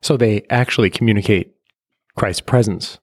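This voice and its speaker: A man's voice: fairly low pitch, moderate pace, no room sound, studio quality. A man interviewing in a conversation, summarizing and building on what his guest has said.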